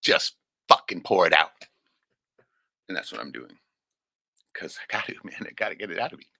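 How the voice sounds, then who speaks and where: Gravelly, husky man talking raw and profane. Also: deep voice, expressive, moderate pace, pushed and bright, no echo. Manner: profane and raw, with frequent "right?" tags. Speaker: livestream host. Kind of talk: emotional, unscripted stream monologue.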